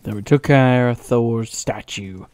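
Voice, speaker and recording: A man's voice: medium pitch, a little slow, darkish tone. A man streaming a game, talking casually, reacting with exclamations and mimicking characters. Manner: chatty, mimics characters in silly voices; exclaims at sudden scares. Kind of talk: casual gameplay commentary.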